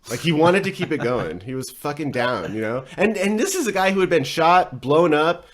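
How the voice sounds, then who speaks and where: A man's voice: on the high side, lively intonation, moderate pace, hardly any pauses. A man hosting a podcast, retelling a story casually in a rambling, profane way, with many fillers and frequent chuckles. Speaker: podcast host.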